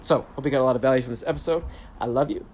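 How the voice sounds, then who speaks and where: A man's voice: medium pitch, rapid-fire, a little mellow, slight background noise. A young man telling a casual story in a self-help vlog, laid-back, swearing freely and using spiritual catchphrases. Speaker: vlogger. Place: grocery store trip, talking on the go.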